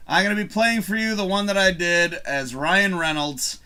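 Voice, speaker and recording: A man's voice: high-pitched, moderate pace, sharp tone, smooth. A man hosting a live stream show, chatting casually while drinking, rambling and chuckling as he reads viewer comments aloud.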